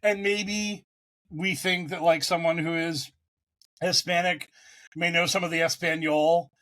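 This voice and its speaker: Speaking at a measured pace in a fairly high voice, an American man co-hosts a laid-back sports podcast. His storytelling is animated, meandering, and full of profanity.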